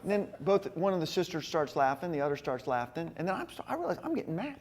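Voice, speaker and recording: A middle-aged man giving a sermon-style talk to a men's gathering, telling personal stories in a folksy, animated way. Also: a little high, fast talker, a little hiss or hum. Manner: folksy, animated storytelling with frequent asides to the group. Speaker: speaker at a men's ministry gathering.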